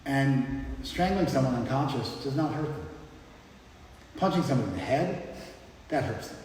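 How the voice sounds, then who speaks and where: In an echoey hall captured by a distant mic with faint background noise, a man lectures a class informally, explaining things conversationally and often checking in with listeners. His medium-pitched, darkish voice swings widely in pitch at a measured pace.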